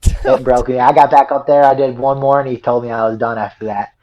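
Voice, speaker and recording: A man's voice: medium pitch, flat delivery, brisk, dark tone. A young man, a wrestler guest, telling a story casually and rambling, with many fillers and repeated words. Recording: dull lo-fi audio.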